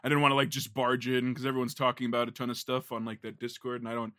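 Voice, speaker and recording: A man's voice: mid-range voice, level tone, fast, pushed and bright, no room sound, studio quality. A man who is a voice actor, guesting on a podcast and chatting in a laid-back, slangy, enthusiastic way. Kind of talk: casual chat.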